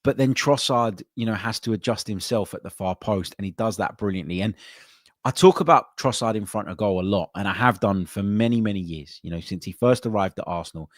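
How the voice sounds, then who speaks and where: A man with a very low voice hosts a live football podcast, talking loosely and filling pauses with plenty of ums and uhs. He reacts to viewer comments as he reads them out. The sound is close and dry, with little room in it. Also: no room sound. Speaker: podcast host.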